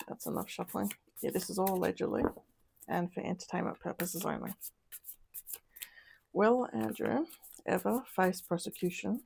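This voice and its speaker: A woman's voice: on the low side, gravelly, a little mellow, husky. A woman doing a casual tarot reading, talking in an upset, emotional way with sighs and trailing sentences. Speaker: tarot reader.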